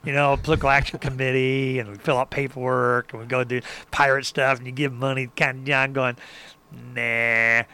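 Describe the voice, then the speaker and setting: A man's voice: medium pitch, a little fast, clean tone. A man telling stories in casual political talk, acting out other people's lines and whooping now and then. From Arizona. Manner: animated storyteller, acts out others and whoops.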